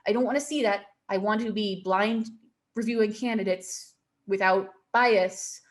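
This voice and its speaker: A woman leads an online career webinar, speaking at a middling pitch. Her talk is emphatic and she repeats her warnings, with an easy laugh between points. She sounds like a video call. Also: unhurried. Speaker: webinar presenter. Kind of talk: presenting a webinar on resumes.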